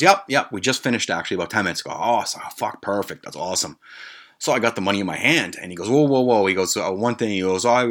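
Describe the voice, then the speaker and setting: A man's voice: sits low, a bit bright. A man hosting a podcast, telling a long rambling story with lots of swearing, restarts and fillers. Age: adult with a grandmother. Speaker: podcast host. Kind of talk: casual storytelling rant.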